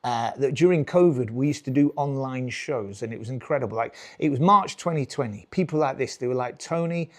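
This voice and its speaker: A man's voice: medium pitch, expressive, brisk, hardly any pauses. A British man in his forties doing stand-up, rambling and cutting himself off as he chats with the crowd. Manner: rambling, self-interrupting, chatty with the crowd. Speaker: stand-up comedian. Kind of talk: stand-up comedy.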